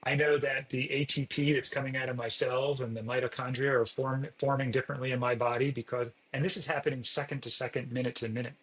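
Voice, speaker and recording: This is a man of ordinary middle pitch, talking as a physician guest on a podcast. He explains in an earnest, steady way. He often stops to act out sample dialogues in a brighter, lifted voice. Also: fast, hardly any pauses, low-quality recording.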